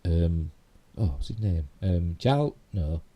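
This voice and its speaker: Deep, husky and dark-toned, the voice of this middle-aged Yorkshireman is animated yet unhurried. He hosts a casual YouTube live stream, chatting in a rambling way with self-deprecating asides, in a Yorkshire accent.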